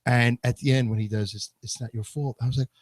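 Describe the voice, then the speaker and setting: Comedy co-host, man, rambling anecdotes, quick to laugh, dry close sound. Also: mid-range voice, fairly even intonation, no room sound. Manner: rambling storyteller, laughs often. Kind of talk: casual comedic chat.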